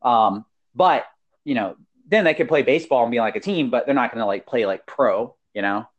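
A young man hosts a podcast, talking casually and swearing freely. He is animated and breaks into laughter often. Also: medium pitch, a little fast, highs cut off. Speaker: podcast host.

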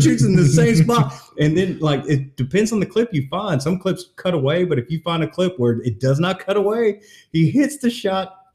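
Animated man telling sports stories. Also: on the high side, roomy sound. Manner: animated storyteller, acts out quotes. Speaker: podcast co-host. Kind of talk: casual sports chat.

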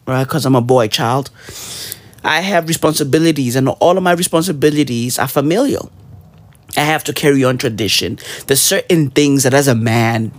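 A man delivering a profane, slang-heavy comedic rant on his weekly show, full of mock outrage and sudden high shouts. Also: dry recording. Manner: profane, animated, peppered with slang. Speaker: comedy podcaster.

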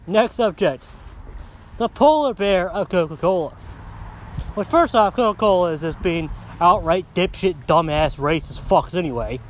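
Outdoors with a phone as his recorder, a high-voiced podcast host rants through a coarse monologue, heated and full of swearing. A little hiss or hum sits under the audio.

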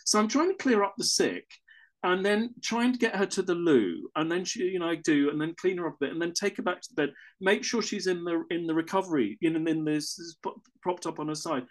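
Lively rambling Englishman telling a story. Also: high voice, brisk. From England. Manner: rambling, self-correcting, with chuckles. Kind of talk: casual personal anecdote.

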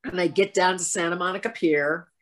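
A woman guest telling a career story in a casual, animated way, laughing often and acting out the people she quotes. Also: lowish voice, fairly quick.

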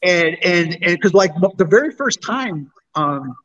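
A man's voice: high-pitched, lively intonation, a bit bright, dull audio. A man, a paranormal investigator, talking casually and often restarting his sentences. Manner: halting, repeats words when starting. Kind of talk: casual chat.

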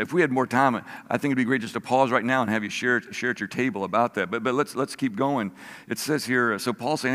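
Pastor, mid-pitched man, chatty sermon delivery, stutter-repeats for emphasis, long hall reverb. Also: fast, fairly bright tone. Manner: conversational, repeats words when building emphasis.

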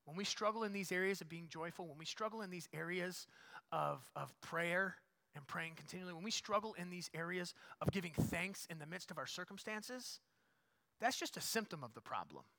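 A man preaching a sermon as pastor, repeating his points, rising to loud emphatic peaks and dropping to quiet asides. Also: high voice, animated, moderate pace, vocal fry. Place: church.

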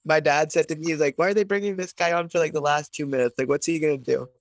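A man in casual podcast chat, talking fast and excitedly in a chatty way. His voice sits at a middle pitch, and the recording is dry and close. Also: dry recording.

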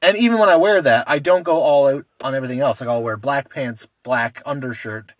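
A man's voice: mid-range voice, brisk, dry recording. A man co-hosting a casual podcast, telling rambling stories in a loose way and swearing freely. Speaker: podcast co-host. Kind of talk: casual chat.

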